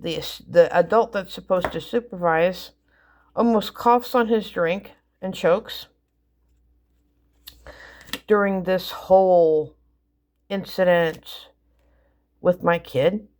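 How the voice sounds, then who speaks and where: Slow, low-voiced mom telling stories. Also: female voice, darkish tone. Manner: rambling, with many fillers and restarts. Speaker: mother telling family stories. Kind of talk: casual storytelling.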